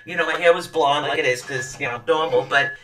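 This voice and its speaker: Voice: mid-range voice, brisk. A speaker from the US East Coast with a slight accent, chatting casually and telling stories with plenty of "you know". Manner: chatty, agreeable, uses many fillers. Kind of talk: casual chat, storytelling. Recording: roomy, distant mic with crowd noise.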